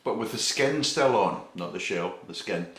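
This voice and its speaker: A man's voice: lowish voice, expressive, moderate pace, a bit bright. A man chatting through a casual beer tasting review, rambling and swearing freely. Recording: echoey room.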